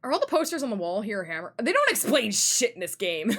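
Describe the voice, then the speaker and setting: A woman's voice: fairly high pitch, wildly swooping pitch, fast talker. A woman streamer reading game dialogue aloud and making sarcastic asides between the lines, with game music playing behind her. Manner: swings between character voices and sarcastic asides.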